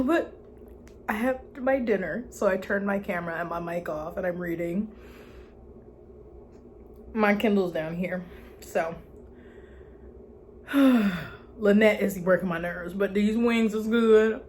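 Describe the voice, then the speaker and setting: A woman's voice: fairly low pitch, moderate pace, darkish tone, husky. A young adult woman vlogging casually about books, blunt and exasperated, swearing freely. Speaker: booktube vlogger. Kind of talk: casual reading vlog and review.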